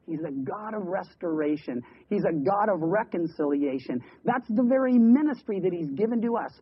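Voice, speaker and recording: A man preaching a sermon, telling a story with quick asides and repeated words. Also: high voice, expressive, a little hiss or hum. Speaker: pastor. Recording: dull lo-fi radio broadcast.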